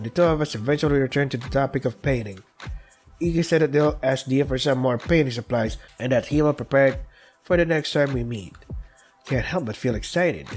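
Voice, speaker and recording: A man's voice: medium pitch, close to an everyday voice. A man voicing a friendly young protagonist who makes casual, self-conscious jokes, read in his own everyday voice over faint background music.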